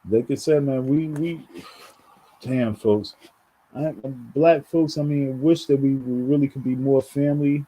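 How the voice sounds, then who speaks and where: A man's voice: mid-range voice, fairly even intonation, measured pace, warm tone, poor audio. A man from New York talking straight to his viewers in a rambling commentary, often repeating words and calling them folks. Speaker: vlogger. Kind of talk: casual commentary monologue.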